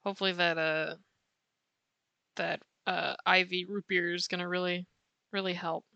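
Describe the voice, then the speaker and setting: A woman with a bright, clear voice chats casually with her viewers while she sketches. She answers chat in a warm, playful way and laughs often. Her voice is close and dry, with soft clicking in the background. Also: on the low side, level tone, normal speed, dry recording, lo-fi sound. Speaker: art streamer.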